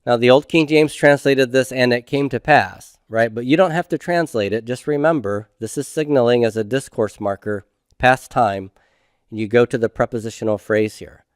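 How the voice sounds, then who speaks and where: A middle-aged man gives a recorded grammar lecture, steady and patient, often posing a question and answering it himself. His voice is smooth and resonant and sits in an ordinary middle pitch. The sound is dry and close, with no room echo. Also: normal speed. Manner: patient, asks students questions then answers them himself. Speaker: Hebrew grammar teacher.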